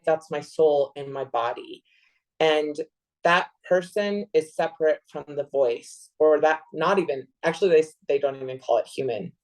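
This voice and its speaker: Animated woman guest, lowish voice. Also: low-quality recording. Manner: animated, quick bursts of excitement and rambling asides. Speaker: podcast guest, actor and producer. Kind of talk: casual interview chat.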